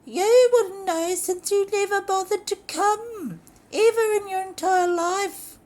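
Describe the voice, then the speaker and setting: A woman reading aloud and voicing an indignant stage actress who shrieks her lines in a shrill, melodramatic way. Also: takes it slowly, a little mellow.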